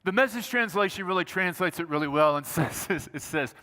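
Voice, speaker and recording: Male pastor, sermon, high bright voice, conversational and humorous, echoing sanctuary. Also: lively intonation, fairly quick. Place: church sanctuary. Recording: reverberant church sanctuary.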